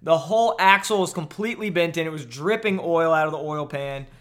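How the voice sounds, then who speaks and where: A man's voice: a little high, fairly quick, a bit bright. A man co-hosting a podcast, chiming in with short remarks and jokes during the story. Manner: chimes in with short agreements and jokes. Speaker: podcast co-host. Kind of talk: casual chat.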